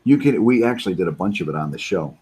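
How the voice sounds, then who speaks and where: A man's voice: sits low, animated, fast talker, dark tone, slightly rough. A middle-aged man livestreaming from his home studio, chatting casually while he draws and stumbling over repeated words. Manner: rambling, repeats words, reads chat aloud. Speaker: webcomic artist livestreaming.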